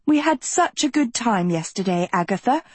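A vain teenage girl coaxes and pleads in a high, breathy, sugary storybook voice, as a woman acts her out. Her tone is sweet and wheedling. The sound is close and dry. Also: animated, normal speed, a little mellow, no room sound. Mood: coaxing.

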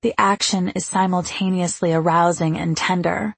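Woman reading a steamy romance story out loud, husky and kinda gravelly, dry close sound. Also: lowish voice, fairly even intonation, moderate pace, no echo. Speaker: audiobook narrator. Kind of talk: first-person romance narration.

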